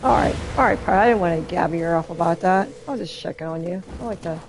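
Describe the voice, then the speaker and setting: A woman's voice: lowish voice, quick pace, creaky, noisy background. A young woman streaming a game, chatting bluntly and casually with her viewers and swearing freely. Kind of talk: casual live-stream chat while gaming.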